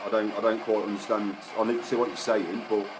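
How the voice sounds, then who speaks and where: A man's voice: on the low side, level tone, fast. A man on a live ghost hunt, calling out to spirits in a commanding way. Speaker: ghost hunter. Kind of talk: live paranormal investigation. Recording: noisy ambience.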